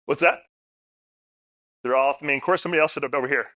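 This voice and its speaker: Speaking quickly in a bright, forceful, medium-pitched voice, a middle-aged man addresses a community forum in a meeting room. He tells stories casually and asks the audience questions, with a little hiss or hum in the audio.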